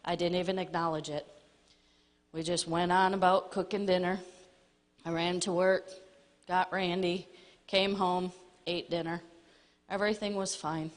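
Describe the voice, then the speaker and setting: A woman recounts a personal testimony to a congregation, plainly and step by step. Her voice sits a little low. A long reverb from the hall follows her words. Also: flat delivery, measured pace, long pauses. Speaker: church testimony speaker.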